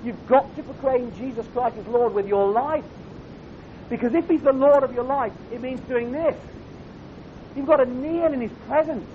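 High-voiced preacher, earnest. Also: male voice, normal speed. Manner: earnest, direct, asks the audience questions. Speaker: camp preacher. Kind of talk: sermon. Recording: dull lo-fi recording with faint rumble.

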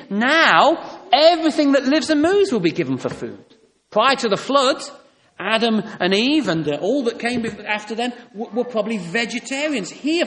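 A man preaching a sermon, emphatic and fond of rhetorical tag questions. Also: high-pitched. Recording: long reverb in a hall.

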